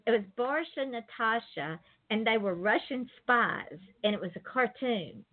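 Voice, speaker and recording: A woman's voice: a little high, lively intonation, normal speed. Woman host rambling over tinny line. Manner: rambling, digressive storyteller. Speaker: interview host. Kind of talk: casual interview chat.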